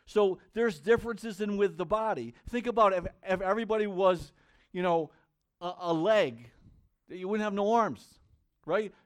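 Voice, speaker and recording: A male pastor preaching a sermon in an earnest, conversational way. His voice sits a little higher than most men's. He reads scripture aloud and talks straight to his listeners. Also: normal speed, clean tone.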